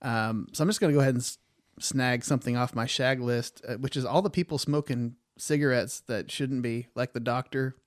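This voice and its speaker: A man's voice: medium pitch, steady tone, fairly quick, no echo, clean studio sound. A man co-hosting a casual movie podcast, upbeat and chuckling through his points.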